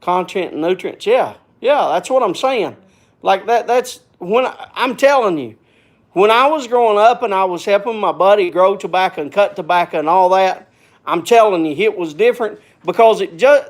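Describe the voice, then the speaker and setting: A man with a notably high voice talks to his viewers in loose, casual live-stream chat. He rambles, circles back and repeats phrases in a folksy way, sometimes getting himself worked up before settling down. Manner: gets worked up then calms.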